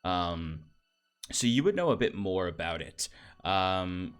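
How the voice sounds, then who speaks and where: A man's voice: low voice, very animated, slow, clean tone. A man narrating a tabletop game as game master, describing scenes with many fillers. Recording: faint music behind.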